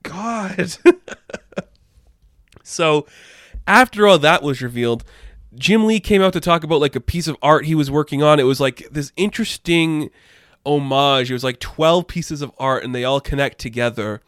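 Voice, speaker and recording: Chatty, slightly high-voiced man riffing on comics. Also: moderate pace, a bit bright, no echo, studio quality. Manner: chatty, opinionated, laughs often; rambling asides. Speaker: comic book news commentator. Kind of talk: casual pop-culture commentary.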